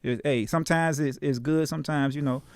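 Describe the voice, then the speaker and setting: Casting note: man, comedian, slightly higher voice, slangy profane storyteller, dry close mic. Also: fairly even intonation, a little fast, clear, resonant tone, dry recording. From Chicago. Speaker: podcast guest, comedian. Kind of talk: casual storytelling.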